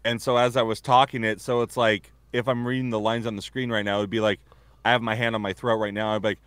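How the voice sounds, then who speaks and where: Bright-voiced, rambling male storyteller. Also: fairly low pitch, little pitch movement, fast talker, clean tone, dry recording. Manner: rambling, with many fillers and restarts. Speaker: voice actor guest. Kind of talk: casual storytelling chat.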